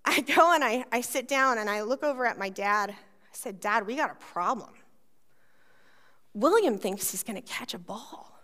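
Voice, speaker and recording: Animated high-voiced woman preaching. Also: normal speed. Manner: animated storytelling, acts out voices. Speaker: pastor. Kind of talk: sermon with personal story.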